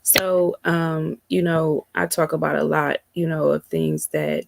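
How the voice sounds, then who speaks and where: Guest: a friendly, chatty woman from Cleveland with a very gravelly, flat voice. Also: low voice, measured pace, no echo. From Cleveland, Ohio. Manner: friendly, chatty, calls others girl. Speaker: guest panelist, hairstylist. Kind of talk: casual panel chat.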